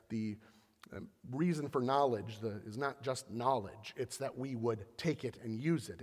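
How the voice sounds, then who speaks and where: A man preaching a sermon as pastor, in a conversational, animated storytelling manner. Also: medium pitch. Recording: long hall reverb.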